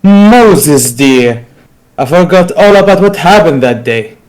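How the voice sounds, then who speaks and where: A manipulative woman drips with false sweetness, drawing out her words, voiced by a man in a fan reading. The voice sits fairly high and moves slowly. Each line is coated in mock affection. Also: lively intonation, darkish tone, low-quality recording. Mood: fake-sweet. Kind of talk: amateur story reading with roles.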